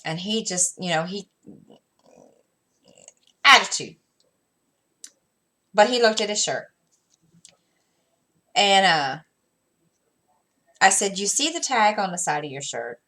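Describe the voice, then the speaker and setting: A woman's voice: medium pitch, animated, slow pace, pauses often, sharp tone. A woman in her thirties, a mother casually telling a story at home, rambling with fillers and restarts and acting out what she and her son said. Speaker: crafting vlogger.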